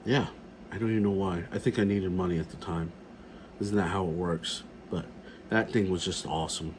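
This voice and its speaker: A man's voice: sits low, steady tone, moderate pace, a little hiss or hum. A middle-aged man ranting casually in a video blog, blunt and profane, repeating himself as he talks. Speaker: gun vlogger.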